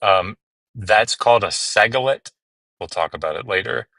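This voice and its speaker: Here a gravelly man's voice, on the low side and a bit bright, moves at normal speed in a dry recording. As host of a relaxed live stream on biblical Hebrew, he patiently breaks pronunciation down step by step, filling his speech with fillers.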